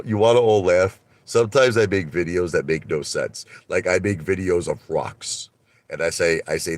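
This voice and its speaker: A man chatting casually on a live stream, rambling and animated as he tells stories. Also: low-pitched, no room sound. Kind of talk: rambling casual livestream chat.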